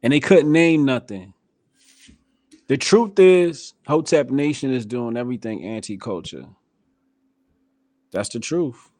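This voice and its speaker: A man hosting a casual podcast, talking in a relaxed, slangy, emphatic way as he explains his views. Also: medium pitch, a little slow, pauses often, no echo, studio quality. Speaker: podcast host. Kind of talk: casual political podcast chat.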